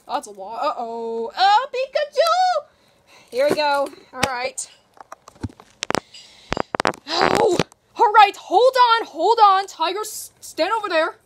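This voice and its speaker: A woman hosting a toy play video and narrating it in an excitable way, with shrieks and gasps. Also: high-pitched, background noise. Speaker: channel host.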